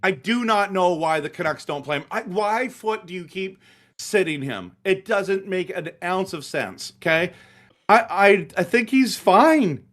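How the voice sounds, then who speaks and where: A man's voice: high voice, expressive, normal speed, fairly bright tone. A middle-aged man, ranting passionately about hockey in a casual sports chat. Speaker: hockey show host.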